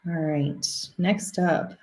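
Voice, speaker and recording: A woman's voice: sits low, takes it slowly, a little mellow. A woman making live acquisitions calls on a teaching stream, upbeat, laughing easily and poking fun at herself. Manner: laughing, self-deprecating, upbeat. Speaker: acquisitions caller. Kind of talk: live call demonstration.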